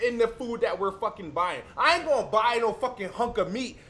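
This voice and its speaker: High-voiced, profane ranting man. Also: animated, a little fast, fairly bright tone. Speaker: co-host. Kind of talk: heated casual podcast chat.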